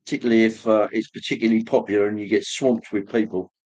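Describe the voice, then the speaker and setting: A man hosting a livestream, casually rambling as he reads viewer comments, with many pauses and fillers. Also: fairly low pitch, fairly even intonation, darkish tone. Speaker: livestream host reading chat. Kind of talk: casual chat.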